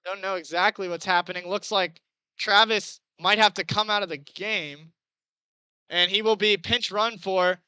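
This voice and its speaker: Bright excitable young man calling baseball. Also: high voice, moderate pace, clear, resonant tone, no echo, poor audio. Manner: chatty, excitable, rises on big plays. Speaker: play-by-play announcer. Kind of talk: baseball play-by-play commentary.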